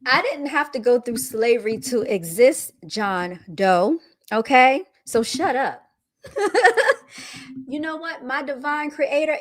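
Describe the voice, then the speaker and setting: A young woman hosting a casual livestream, reading viewer comments aloud and answering them with amused, laughing retorts. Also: a little high. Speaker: livestream host reading chat.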